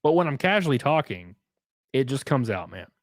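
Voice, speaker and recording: A laid-back man with a Southern US rural drawl talks loosely to his stream chat, swearing freely as he goes. His voice sits at an ordinary pitch for a man, and the sound is dry and close to the mic. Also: sing-song, a little fast, no room sound. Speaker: streamer reading super chats. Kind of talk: casual livestream chat.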